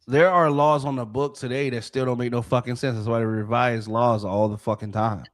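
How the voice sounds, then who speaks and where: A man's voice: mid-range voice, fairly even intonation, fairly quick. A man hosting a podcast, ranting in a heated, profane way and often restarting his sentences. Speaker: podcast host. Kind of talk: casual podcast rant.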